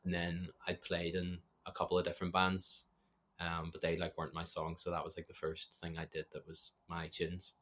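Young man, Northern Irish accent, low voice, level tone, casual rambling interview chat. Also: completely flat delivery, moderate pace, a bit bright. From Northern Ireland. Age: young adult. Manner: rambling, self-deprecating, many fillers. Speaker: musician guest.

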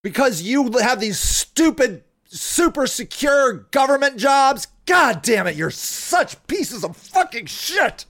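A woman hosting a solo podcast, ranting angrily and full of profanity, with bursts of shouting. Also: high-pitched, sing-song, slow. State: angry. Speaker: podcast host.

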